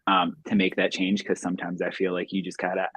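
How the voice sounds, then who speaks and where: A man appearing as a drag performer guest, speaking thoughtfully and measured with frequent pauses. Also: low-pitched, monotone, a bit bright, breathy edge. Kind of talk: casual chat.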